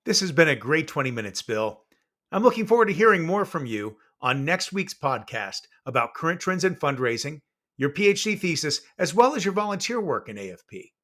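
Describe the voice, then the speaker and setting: A man's voice: on the high side, very animated, fairly quick, fairly bright tone. A man hosting an interview podcast, affirming his guest and wrapping up politely. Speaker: podcast host.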